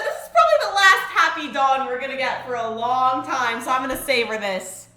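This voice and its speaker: A woman streamer reacting live to a story game, excitable, yelping and laughing, sometimes reading story text aloud. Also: high voice, brisk, roomy sound, slight background noise.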